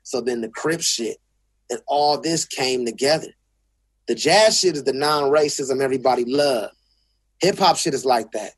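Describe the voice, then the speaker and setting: Husky, profane Los man. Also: mid-range voice, normal speed, no room sound. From South Central Los Angeles. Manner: blunt, profane, restarts often. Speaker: guest. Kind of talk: casual interview talk.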